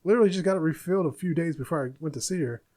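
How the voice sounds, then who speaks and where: A man's voice: a little high, racing, darkish tone. A man in his forties hosting a podcast, venting bluntly in a casual monologue. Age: 40s. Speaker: podcast host.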